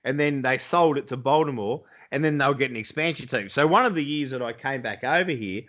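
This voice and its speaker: A man's voice: medium pitch, fast talker, a bit bright, dull audio. A man with an Australian accent, co-hosting a casual podcast chat over a video call and swearing freely as he talks sport. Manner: sweary, blokey banter. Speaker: podcast co-host. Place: home, lives in Iowa.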